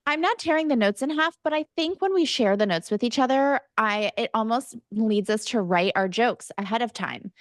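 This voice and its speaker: A young woman co-hosting a podcast in casual chat, self-mocking and quick to joke. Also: fairly high pitch, lively intonation, no echo, clean studio sound. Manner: chatty, self-mocking, slips into playful Irish-accent bits. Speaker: podcast co-host.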